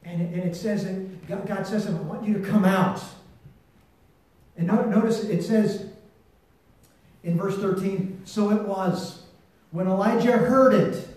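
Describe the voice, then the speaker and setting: A man preaching a sermon, swinging between loud shouted proclamation and a hushed, near-whispered delivery. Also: sits high, unhurried, long pauses. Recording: very echoey, voice distant from mic.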